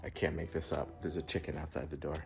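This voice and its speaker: A man's voice: very deep voice, level tone, fast talker, vocal fry, over music. A man from Louisiana giving a casual walkthrough tour, upbeat and jokey, chatting with small restarts. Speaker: vlogger touring a backyard unit. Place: small unit indoors and out, backyard.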